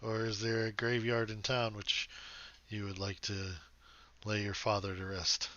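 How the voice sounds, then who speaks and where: A man playing a tabletop role-playing game, talking in an unhurried, hesitant way full of fillers. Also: on the low side, monotone, pushed and bright, dull audio, slight background noise. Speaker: player. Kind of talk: tabletop role-play chat.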